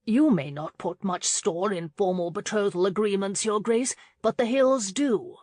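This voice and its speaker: A woman voicing a stern, protective man who speaks flatly and threatens. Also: medium pitch, unhurried, dry recording, studio quality, close to an everyday voice. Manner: flat, expressionless, then threatening. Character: protective stern man, guarding his cousin.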